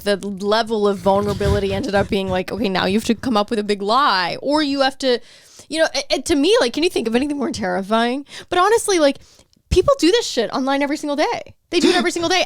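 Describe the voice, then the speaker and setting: A woman's voice: a little high, no echo, clean studio sound. A young adult woman co-hosting a casual comedy podcast, rambling and sarcastic, laughing often. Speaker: podcast co-host.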